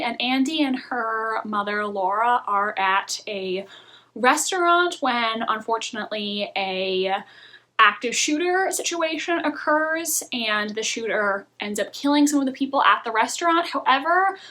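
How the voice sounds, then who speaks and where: A woman's voice: on the high side, bright, forceful tone. A woman chatting candidly in a casual video review of shows and films, laughing now and then. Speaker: book and film reviewer.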